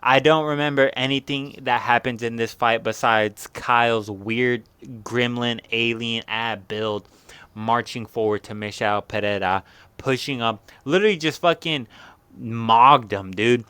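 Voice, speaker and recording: A young man talking through a fight card recap in loose, rambling slang, swearing nearly every line. His voice sits at an ordinary middle pitch, and the sound is dry and close with no room echo. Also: fairly even intonation, unhurried, sharp tone, smooth. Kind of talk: casual profane fight recap.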